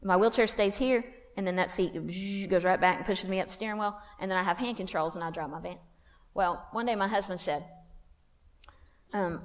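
In a church hall with long reverb, a woman shares a funny personal testimony with a women's church conference, folksy and poking fun at herself. Her voice is mid-range and fairly quick.

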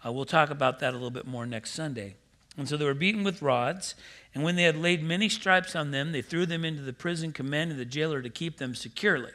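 A male pastor preaching a sermon in a church, his voice bright and forward, pitched a little above the usual for a man. He talks in an animated, emphatic way, mimicking voices when he quotes people and turning to the congregation with direct asides. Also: fast talker.

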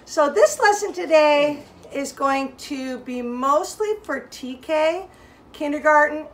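A woman music teacher leading a lesson for young children, speaking clearly and encouragingly and chanting rhythm syllables for them to copy. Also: high voice, a bit bright.

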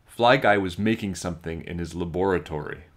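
A man reading a children's storybook aloud, with slow, expressive storytelling. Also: deep voice. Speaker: children's book reader.

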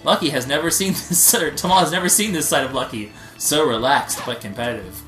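A man's voice: a little high, brisk, fairly bright tone. A young man streamer giving a comic reading of fan fiction, rambling and breaking off to joke and laugh. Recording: echoey room with faint music.

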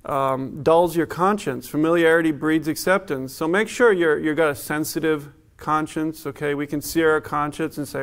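A man's voice: on the high side, steady tone, moderate pace, gravelly. A middle-aged man preaching a sermon as a pastor in a church, in a conversational way, laughing often and acting out what people say.

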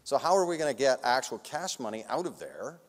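A man telling a long, animated anecdote at a public talk, laughing often and acting out other people's lines. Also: medium pitch, fairly quick. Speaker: award recipient speaking on stage. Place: large auditorium. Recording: long hall reverb.

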